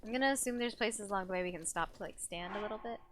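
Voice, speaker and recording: A woman's voice: medium pitch, very fast, noisy background. A woman live-streaming a video game, chatting casually, reading chat aloud and giggling often.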